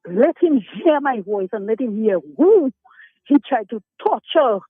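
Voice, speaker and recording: An older woman calls in to a radio show to complain, speaking emotionally and emphatically about her grievances. Her fairly high voice is lively in intonation, a little slow, and edged with breathiness. The telephone audio is tinny and dry with no room sound.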